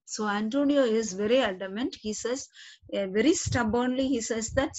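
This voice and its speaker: A woman's voice: a little high, normal speed, a little mellow, rough recording. A woman teaching literature, patiently explaining a play line by line and often checking with "okay?".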